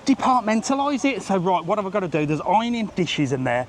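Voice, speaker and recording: Phone in hand on a sunny seafront street, a middle-aged man chats in a live walking vlog, jokey and ranting, a little breathless. His voice sits high with big pitch swings, he talks fast, and the audio carries a little hiss or hum.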